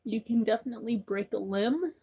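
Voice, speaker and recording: A woman's voice: on the high side, fairly quick, gravelly, dark tone, husky. A woman talking casually to her camera in a rambling, repetitive way, with many fillers. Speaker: vlogger.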